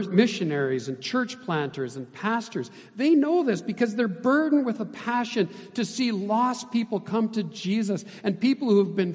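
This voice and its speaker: A man preaching a sermon as pastor, impassioned, swinging between loud emphasis and hushed, quiet passages. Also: sits high, big-room sound.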